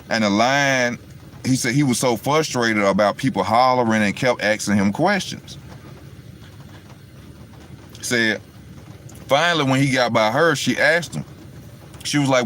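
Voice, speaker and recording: Speaking casually to his audience via his charging phone, a male vlogger tells a story in a rambling, loose fashion and keeps asking "you know what I'm saying." His voice is lowish with a fairly bright tone, and a little hiss or hum can be heard.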